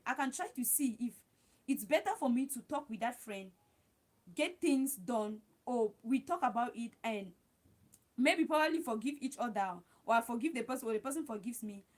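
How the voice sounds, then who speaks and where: A woman hosting a casual livestream, giving advice and repeating her points while talking straight to her viewers. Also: high-pitched. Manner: repetitive, talks straight to viewers as "guys". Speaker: livestream host.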